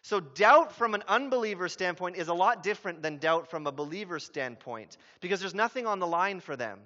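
A man's voice: sits high, lively intonation, fairly quick, bright, forceful tone. A man preaching a sermon, earnest and emphatic, often pressing his point with questions. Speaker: pastor. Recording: dull sound with long hall reverb.

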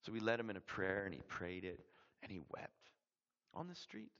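A man from Canada telling a mission story as a sermon, an animated storyteller who acts out the people in it. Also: lowish voice, normal speed, gravelly. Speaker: missionary preacher. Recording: dull lo-fi sound with long hall reverb.

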